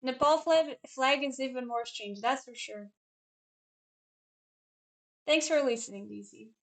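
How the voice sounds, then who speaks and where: Chatty young woman streamer, slightly high. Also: measured pace. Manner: chatty, rambling, answers chat questions. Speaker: chess streamer and commentator. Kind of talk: casual live-stream chat.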